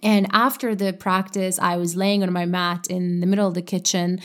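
A woman's voice: lowish voice, level tone, normal speed, fairly bright tone. A woman hosting a podcast, telling a personal story in an earnest, reflective way, with many "like" fillers. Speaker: podcast host and coach.

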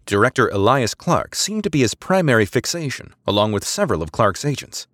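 Brief: male narrator doing an ambitious female officer, crisp, formal, quietly sure of herself, lively delivery, dry close sound. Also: medium pitch, brisk, no echo. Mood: coolly confident. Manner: formal, precise, coolly confident. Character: poised, ambitious female naval lieutenant.

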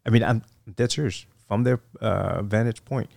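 A man's voice: lowish voice, fairly even intonation, moderate pace, vocal fry, darkish tone, dry recording. A middle-aged man, a guest in a casual interview, telling stories with lots of fillers and restarts. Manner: rambling, many fillers and restarts. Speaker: guest, retired Marine officer.

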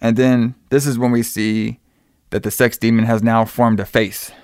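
In a casual chat, a man loosely retells a film's plot, leaning on fillers and quoting characters along the way. His ordinary-pitched voice is smooth, resonant, and somewhat dark, with a level tone and moderate pace. The recording is close and dry, with no room sound.

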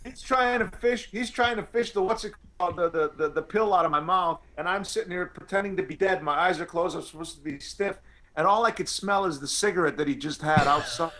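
A man's voice: high voice, fairly quick, bright, forceful tone. A male actor telling anecdotes in an interview, rambling with many restarts and fillers. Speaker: actor guest.

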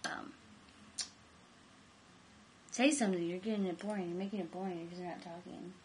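A teenage girl in her last year of high school, co-hosting a casual video chat, rambling and giggling with lots of "like". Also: fairly even intonation, moderate pace, a little mellow, slight background noise. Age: high school senior, late teens. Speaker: vlog co-host.

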